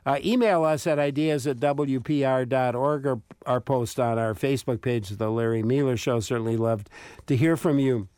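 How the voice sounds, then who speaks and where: A man hosting a public radio call-in show and interviewing a guest in a relaxed, friendly way. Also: medium pitch, normal speed, clear, resonant tone, no echo, clean studio sound. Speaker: radio talk show host. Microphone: studio microphone.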